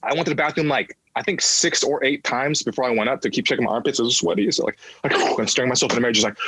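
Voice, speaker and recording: A man's voice: medium pitch, quick pace, sharp tone, slightly rough, poor audio. A man in his thirties, a podcast guest, telling his personal story candidly, swearing freely and acting out voices of people in it.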